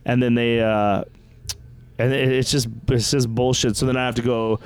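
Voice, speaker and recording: Animated male comedian telling a story. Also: mid-range voice, normal speed, clear, resonant tone, no room sound. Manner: animated storyteller, acts out quotes in raised voice. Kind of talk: casual storytelling chat. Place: podcast studio.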